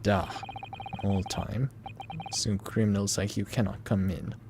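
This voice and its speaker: A man doing a gruff, blunt Russian sailor guard who speaks slow, broken English with deep, heavy words. Steady hiss sits under the voice of this game character. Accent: put-on Russian.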